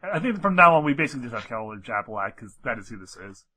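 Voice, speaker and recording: A sardonic man riffing crudely in casual commentary, his voice bright and sharp. His delivery bounces up and down as he rambles. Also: mid-range voice, big pitch swings, fast. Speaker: co-host reading with friends.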